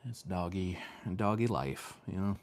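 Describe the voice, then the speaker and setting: A man's voice: deep voice, animated, moderate pace, a little mellow. A man streaming from home, chatting casually in a rambling, hesitant way with lots of ums and restarts. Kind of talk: casual chat. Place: home room with fan and lights.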